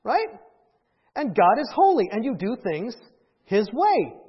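A man's voice: high voice, wildly swooping pitch, measured pace, breathy edge, lo-fi sound. A man preaching a conversational sermon who keeps asking the congregation questions and tagging on "right?". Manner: conversational, asks the audience questions, often adds "right?". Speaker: pastor.

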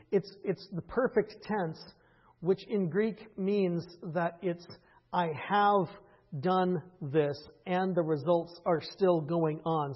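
A man preaching a conversational sermon, rising into impassioned stretches and then falling quiet again. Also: high voice, breathy edge, highs cut off. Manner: conversational preaching, builds to impassioned peaks with laughs. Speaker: pastor.

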